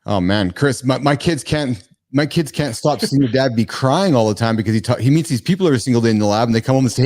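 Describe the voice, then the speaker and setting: Excitable laughing podcast host, man. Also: medium pitch, fast talker. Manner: excitable, jokey, laughs often. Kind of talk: casual podcast chat.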